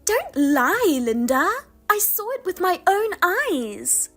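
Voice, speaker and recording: A woman's voice: very high voice, sing-song, slow pace, a bit bright, soft background music, pitched above the performer's own voice, full character voice. A woman voicing a scheming younger sister who mocks and taunts in a sing-song way. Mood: smug.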